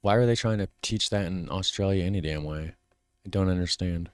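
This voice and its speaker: A man's voice: low-pitched, fairly quick, clean tone, no echo. An American man hosting a reaction video, making casual, rambling asides and asking questions. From United States.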